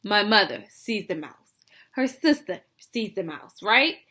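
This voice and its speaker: Bright, chatty young woman storyteller. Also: medium pitch, unhurried. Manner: animated, chatty, heavy with fillers and asides. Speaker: vlogger telling a story. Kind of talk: casual storytelling.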